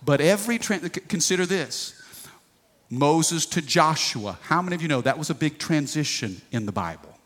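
A man's voice: fairly high pitch, expressive, normal speed, fairly bright tone. A pastor in his forties preaching a sermon, folksy and emphatic, calling for responses from the congregation. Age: 40s. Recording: long reverb of a large hall.

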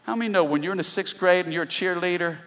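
A middle-aged pastor preaching an animated sermon, breaking into shouts and laughs. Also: male voice, high-pitched, quick pace. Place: church sanctuary. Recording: long reverb of a large hall.

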